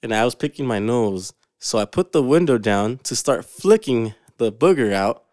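A man's voice: mid-range voice, expressive, moderate pace, a little mellow, no echo, clean studio sound. A man co-hosting a podcast, telling stories in a laid-back, slangy way and swearing often. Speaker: podcast co-host. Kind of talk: casual chat.

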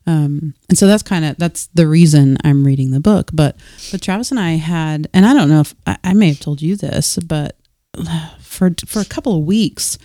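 A woman in her thirties, guesting on a podcast, chats casually about faith in a low voice at normal speed. She tells stories animatedly, acting out what people said, with restarts and filler words. The recording is dry and studio-clean.

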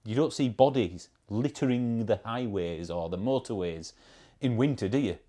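Wry Yorkshire man, low voice. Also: moderate pace, mellow. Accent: Yorkshire English. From Yorkshire, England. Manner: wry, sarcastic, reads out comments. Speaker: electric car reviewer. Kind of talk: casual vlog commentary.

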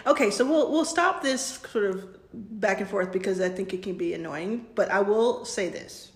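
A woman in her forties chatting casually as a co-host, playful and quick to laugh. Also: medium pitch. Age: 40s. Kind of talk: casual chat. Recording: roomy echo.

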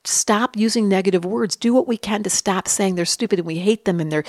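A woman's voice: medium pitch, lively intonation, normal speed, hardly any pauses, darkish tone, dry recording, clean studio sound. A woman guest, an astrologer, telling stories in casual chat. She acts out quotes and sometimes drops to a whisper.

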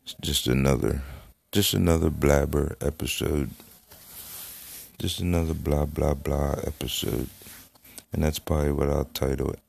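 A man's voice: extremely low pitch, fairly even intonation, moderate pace, gravelly, long pauses, darkish tone, breathy edge, no echo. A man hosting his own podcast, talking in a loose, rambling, profane way with lots of fillers. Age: adult, has a daughter. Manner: rambling, profane, laid-back. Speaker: podcast host. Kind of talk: casual solo podcast talk.

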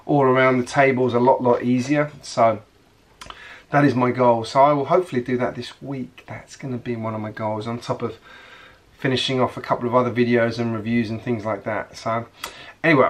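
A man chatting casually on his hobby vlog, rambling along with lots of fillers and restarts. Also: medium pitch. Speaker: Lego hobby vlogger.

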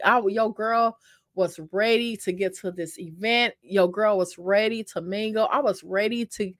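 A woman's voice: mid-range voice, dry recording, studio quality. A woman telling a personal story to her viewers in a chatty, self-mocking way, full of fillers and repeats, calling them "y'all". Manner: talks with many fillers and repeats. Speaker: vlogger telling a dating story. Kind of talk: casual storytelling to camera.

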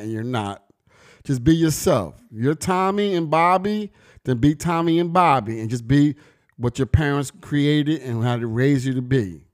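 A middle-aged man vlogging in casual, slangy street talk, telling stories emphatically and preaching to his listeners. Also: medium pitch. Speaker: vlogger and brand owner.

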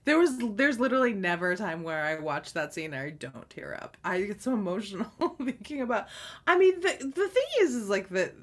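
Female co-host, chatty and giggly, swooping lively pitch. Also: a little fast. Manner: chatty, laughs often, expressive. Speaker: podcast co-host. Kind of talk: casual chat.

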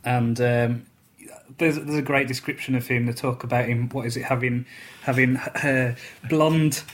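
A man co-hosts a podcast in a casual chat about films he has just watched, laughing often. His mid-range voice is a little slow, with fairly even intonation.

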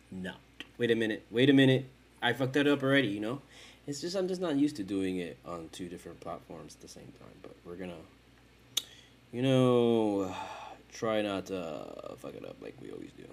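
A man hosting a casual solo sports podcast from home, rambling and self-mocking with plenty of swearing and sing-song chanting. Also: medium pitch. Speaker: podcast host. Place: at home in front of a camera.

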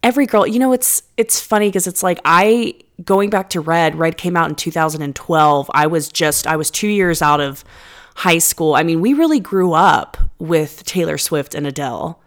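Low-voiced chatty woman podcast host. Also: animated, moderate pace. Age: 30s. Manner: chatty, rambling, self-deprecating, swears casually. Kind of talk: casual solo podcast chat. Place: apartment room. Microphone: podcast microphone.

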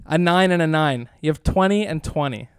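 A man's voice: a little high, expressive, normal speed, smooth, no room sound, clean studio sound. A man co-hosting a sports betting podcast, telling a vivid casino story in the second person. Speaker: podcast co-host. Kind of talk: casual sports betting banter.

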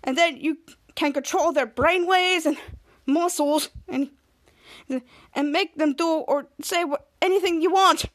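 A woman reading the lines of an eccentric male inventor, explaining in halting stops and starts. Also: extremely high pitch, a bit bright.

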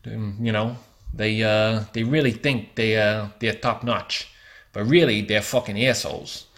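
A man's voice: fairly low pitch, a bit bright. Crude rambling man in his twenties. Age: 20s. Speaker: podcast host. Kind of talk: casual solo podcast chat.

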